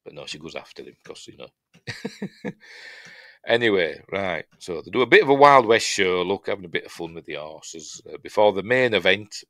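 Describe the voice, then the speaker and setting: A man's voice: deep voice, dry recording. Rambling Yorkshire man reviewing an old film. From Yorkshire, England. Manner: rambling, chatty, dry humour, acts out lines in silly voices. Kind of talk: casual film breakdown narration.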